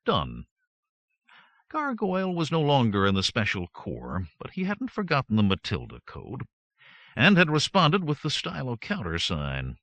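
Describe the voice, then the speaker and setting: A man narrating a first-person audiobook with wry, lively storytelling on a close studio mic. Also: medium pitch, moderate pace, creaky, no room sound.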